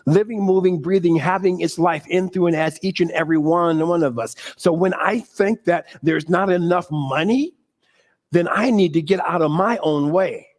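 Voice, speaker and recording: A middle-aged man preaches with a high, lively voice, laughing easily and stressing his points the way a pulpit speaker does. It is a spirited sermon delivered to a room full of listeners. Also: moderate pace. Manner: animated, laughing often, preacherly emphasis.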